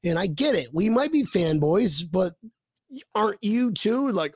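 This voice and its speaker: A man's voice: high voice, very animated, measured pace, darkish tone, slightly rough, dry recording, studio quality. A man co-hosting a casual sports podcast, telling rowdy jokes and swearing freely. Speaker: podcast co-host.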